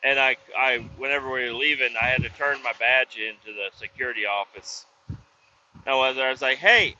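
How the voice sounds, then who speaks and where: A man's voice: mid-range voice, fairly even intonation, a little fast, sharp tone, highs cut off, slight background noise. A man telling a work story in a profane, rambling casual vlog, with frequent restarts. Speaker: roadside service worker vlogging.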